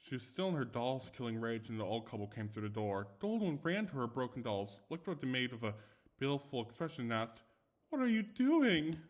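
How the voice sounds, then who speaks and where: A young man with an animated, mid-range voice reads ghost stories aloud fairly quickly and casually, with no dedicated microphone. He's chatty, comments on himself, and stumbles over words and restarts.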